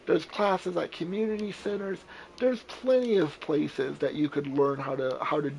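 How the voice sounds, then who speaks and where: Young male gamer, slightly high voice with gravel, rambling, swears easily; casual vlog chat. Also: steady tone, moderate pace, a little mellow, slight background noise, low-quality recording. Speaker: gamer playing survival.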